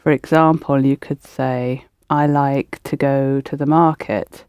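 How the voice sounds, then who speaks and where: A woman's voice: rumbling low, fairly even intonation, unhurried, darkish tone, clear, resonant tone, no echo. Woman language tutor, patient step-by-step explainer, dry studio sound. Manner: explains step by step, coaxing learners to repeat. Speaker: language teacher. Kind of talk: patient spoken-method language lesson.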